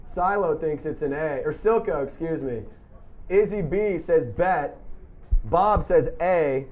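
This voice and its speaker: A man's voice: on the high side, takes it slowly, a little mellow, soft background music. A man on a live sports stream reading viewer comments aloud, running through a list of names and places.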